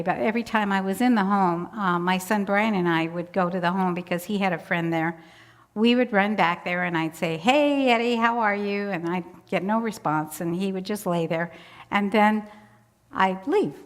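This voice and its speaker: An older woman telling a personal story in an interview, chatty, laughing often as she acts out voices. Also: medium pitch. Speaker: church volunteer interviewee. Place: church sanctuary. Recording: long church hall reverb.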